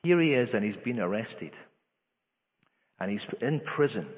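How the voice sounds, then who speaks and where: A male preacher delivers a sermon with earnest force. His voice climbs in pitch and volume when he stresses a point, and he often restarts his phrases. The sound is tinny, like a phone line, with a long echo from a large hall. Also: animated, moderate pace.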